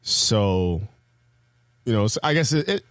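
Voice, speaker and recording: A podcast co-host tells a story in an unhurried, casual, profane way, full of fillers and restarts. He's an animated storyteller who mimics others now and then, acting out quotes in loud, high bursts. The recording is dry with clean studio sound.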